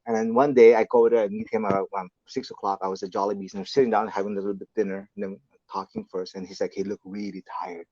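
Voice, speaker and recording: A man's voice: fairly low pitch, quick pace, no room sound. Man telling a story in a dry, dull recording. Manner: acts out quoted dialogue, animated. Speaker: podcast guest, martial arts teacher. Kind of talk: casual storytelling.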